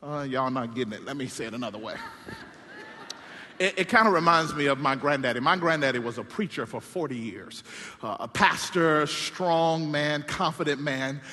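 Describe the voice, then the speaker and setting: High, bright-voiced preacher in a big hall. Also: male voice, normal speed, a little hiss or hum. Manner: animated, playful, self-deprecating asides. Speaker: pastor. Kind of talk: comedic sermon storytelling. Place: large church sanctuary. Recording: long hall reverb.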